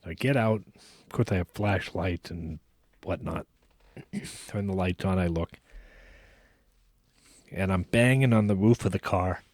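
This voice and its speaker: A man hosting a podcast, casually telling a long anecdote in an animated way, with frequent restarts. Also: deep voice, measured pace, long pauses, no echo. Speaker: podcast host. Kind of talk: casual storytelling.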